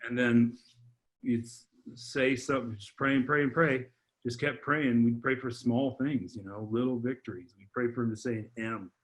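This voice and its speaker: Guy on a podcast sharing a heartfelt story, keeps restarting sentences, mid-pitched voice. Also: fairly even intonation. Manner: halting, with frequent restarts and repeated words. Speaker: podcast guest, father. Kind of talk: heartfelt personal testimony in conversation.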